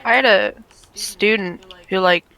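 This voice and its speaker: A woman's voice: medium pitch, measured pace, a bit bright, low-quality recording. A woman telling an offhand story in casual gaming chat, full of fillers. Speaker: gamer in voice chat.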